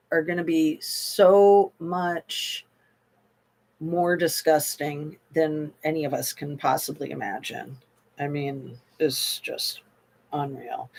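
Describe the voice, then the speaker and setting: A woman hosting a livestream, chatting loosely about a true crime case and reading out viewer comments, with many pauses and fillers. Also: lowish voice. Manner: slow, meandering, with frequent pauses and fillers; reads viewer comments aloud and answers them. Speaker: livestream host.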